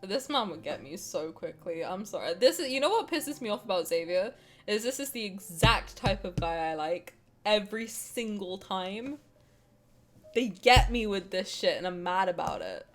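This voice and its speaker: A young woman streaming, reading a game aloud and reacting with excited, swearing banter. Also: mid-range voice, moderate pace, soft background music.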